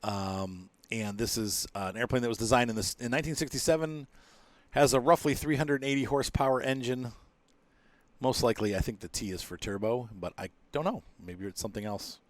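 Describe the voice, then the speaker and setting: A man talks through a flight simulator plane in a loose, rambling way, trailing off and restarting his sentences. His voice sits at an ordinary middle pitch. The sound is dry and close, with no room around it. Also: fairly even intonation, a little fast, no echo. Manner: rambling, many fillers and restarts. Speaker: flight sim reviewer. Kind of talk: casual gameplay commentary.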